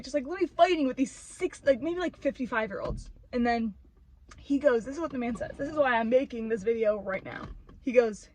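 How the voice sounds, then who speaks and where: High-voiced young woman ranting. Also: a little fast, low-quality recording. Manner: animated, profane, heavy use of filler "like". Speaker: vlogger. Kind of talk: ranting storytime.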